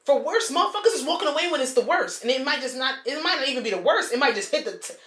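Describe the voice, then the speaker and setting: A woman co-hosting a casual podcast, talking bluntly and profanely with emphatic, drawn-out phrasing. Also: high-pitched, lively intonation, fairly bright tone, roomy sound. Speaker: podcast co-host.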